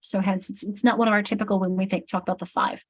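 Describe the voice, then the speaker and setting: A woman's voice: medium pitch, little pitch movement, fast. Woman trainer sounding out vowel sounds. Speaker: literacy trainer. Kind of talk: online teacher training.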